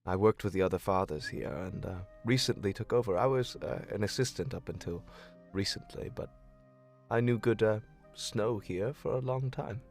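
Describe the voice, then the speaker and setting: A man voicing an aged, balding and kindly human priest, polite and a little halting. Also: lowish voice, faint music behind, natural voice.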